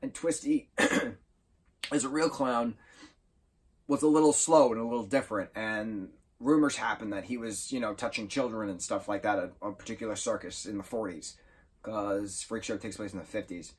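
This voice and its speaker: A man's voice: lowish voice, normal speed, slightly rough. A man giving a casual, enthusiastic spoken book review, rambling and correcting himself as he goes.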